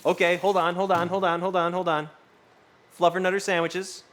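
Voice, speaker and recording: A man's voice: sits high, fairly quick. A man casually chatting with his stream audience, rambling through stories and swearing freely. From US West Coast. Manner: animated, swearing, rambling storytelling. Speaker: streamer reading chat. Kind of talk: casual live-stream chat.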